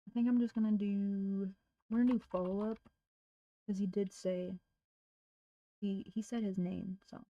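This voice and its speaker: A blunt woman chatting on a livestream between cold calls, slangy and talking to herself. Her voice sounds mellow and a bit dull. The sound is close and dry, with no room echo. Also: mid-range voice, steady tone, a little slow, pauses often. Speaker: real estate cold caller. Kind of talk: casual livestream chat while making calls.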